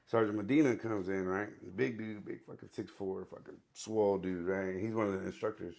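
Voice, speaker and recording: A man's voice: lowish voice, fairly even intonation, fairly quick, hardly any pauses, a little mellow. A man in his thirties, a military veteran guest, telling stories casually with slang, cursing and laughter. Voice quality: gravelly. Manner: slangy, profane, laughs often. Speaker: podcast guest, Marine veteran and barber. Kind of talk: casual storytelling.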